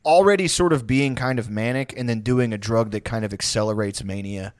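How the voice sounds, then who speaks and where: A man's voice: medium pitch, fairly quick, dry recording. A young man co-hosting a podcast, telling stories in a rambling casual way with lots of fillers. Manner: rambling with many "like" fillers, laughing. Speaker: podcast co-host. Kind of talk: casual chat.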